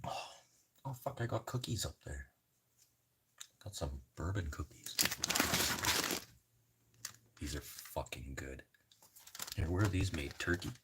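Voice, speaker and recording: A man's voice: deep voice, very animated, slow pace, long pauses, noisy background. A man, a livestreamer chatting with viewers and rambling through stories with lots of swearing. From Canada. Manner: profane, rambling storyteller. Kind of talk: casual chat with viewers.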